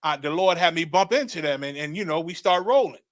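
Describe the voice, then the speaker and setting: A middle-aged man recounting a religious vision as a testimony, dramatic and repetitive, building to excited shouts. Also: on the high side, a little fast, dry recording, studio quality. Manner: dramatic, repeats phrases, rising to excited shouts. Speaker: religious teacher. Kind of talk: testimony storytelling.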